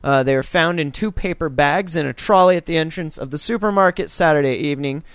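A man's voice: on the high side, a little fast, fairly bright tone, no room sound. A young man co-hosting a casual podcast, reading news stories aloud and breaking off to swear and joke. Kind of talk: casual crude chat.

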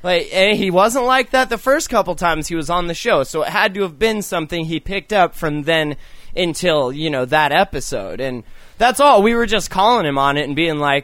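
A man's voice: fairly high pitch, expressive, normal speed, fairly bright tone, no room sound. Blunt young man, dry sound. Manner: blunt, profane, rambling with lots of "like". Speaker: podcast co-host. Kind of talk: casual chat.

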